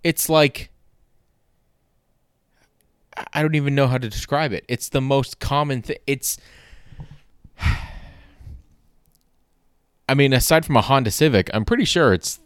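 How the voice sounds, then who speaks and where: A man's voice: medium pitch, fairly quick, clear, resonant tone, no echo, clean studio sound. A young man hosting a podcast, telling a rambling comedic story in an exasperated way with casual swearing. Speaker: podcast host.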